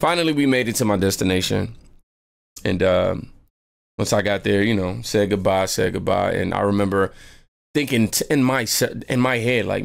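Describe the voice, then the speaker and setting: A man hosting his own channel, telling a personal story in a lively, slangy way and often jumping into high voices to quote people. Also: moderate pace, gravelly. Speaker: channel host. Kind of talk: storytime vlog.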